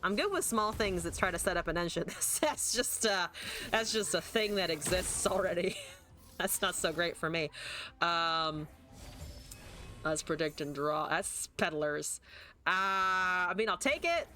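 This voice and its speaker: Bright-voiced woman streamer chatting through a card game. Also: fairly low pitch, expressive, unhurried. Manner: chatty, self-mocking, swears casually. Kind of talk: casual gameplay commentary.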